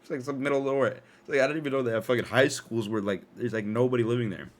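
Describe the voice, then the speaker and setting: A young man hosting a podcast from his dark room at home, telling a story in an animated, profane way and laughing often. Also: mid-range voice, very fast, slight background noise. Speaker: podcast host. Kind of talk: casual storytelling.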